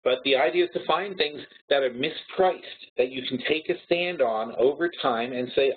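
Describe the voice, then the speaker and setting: A man's voice: fairly high pitch, animated, normal speed, slightly rough. A man hosting a trading webinar, talking bluntly and working through numbers aloud with frequent restarts. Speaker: webinar host. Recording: tinny phone-like audio.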